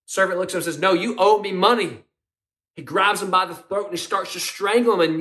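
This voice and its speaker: A man with a high-pitched voice preaching a sermon. He tells the story in a conversational, questioning way and puts some emphasis into the characters' quoted lines. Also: brisk, pushed and bright. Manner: conversational, asks the congregation questions. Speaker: pastor.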